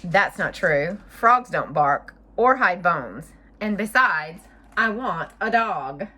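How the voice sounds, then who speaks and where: A woman's voice: on the low side, lively intonation, takes it slowly, pushed and bright, husky, pitched below the performer's own voice, heavily acted. A woman voicing an insistent child in a picture book who only wants a dog, reading aloud. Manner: insistent, earnest.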